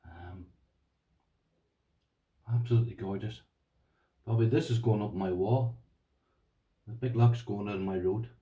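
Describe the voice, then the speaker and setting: This Irish lockpicking vlogger has a deep, warm, mellow voice and takes his time, leaving long pauses while he gushes through an excited, casual unboxing, repeating himself and calling viewers "boys." He's a little back from the mic, sounding somewhat distant.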